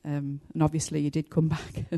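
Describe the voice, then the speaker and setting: Older woman with a low, mellow voice. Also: completely flat delivery. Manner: halting and heartfelt, many pauses and fillers. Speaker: church member giving testimony. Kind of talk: personal testimony to a congregation.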